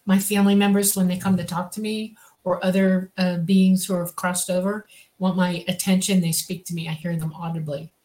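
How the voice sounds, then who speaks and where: A woman hosting a talk show, telling her own story calmly with a few fillers. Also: fairly low pitch, normal speed. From US state of Georgia. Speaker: podcast host. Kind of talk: casual storytelling.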